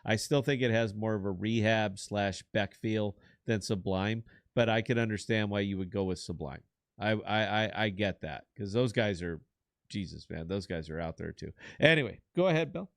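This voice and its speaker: A man's voice: fairly low pitch, normal speed, creaky, no echo, studio quality. A man co-hosting a podcast in casual chat, blunt and rambling, swearing freely. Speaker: podcast co-host.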